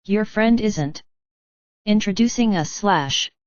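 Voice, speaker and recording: A woman's voice: medium pitch, takes it slowly, no echo, muffled recording, natural voice. A woman reading an audiobook, voicing a young man who is formal and tongue-tied around his fiancée. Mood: flustered.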